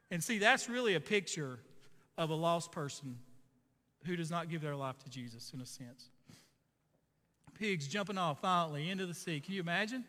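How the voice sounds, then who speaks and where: Male pastor with a high voice, preaching conversationally in a big echoing hall. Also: moderate pace, bright, forceful tone. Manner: conversational, jokey, asks the audience questions. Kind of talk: sermon.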